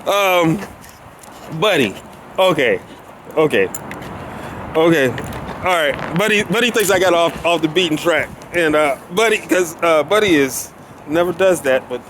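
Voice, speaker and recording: A man with a slightly high, animated, fairly bright voice speaks unhurriedly with long pauses while vlogging and walking his dog down a neighborhood street. He rambles casually, often loses his train of thought, and laughs a lot, with traffic noise filling the street.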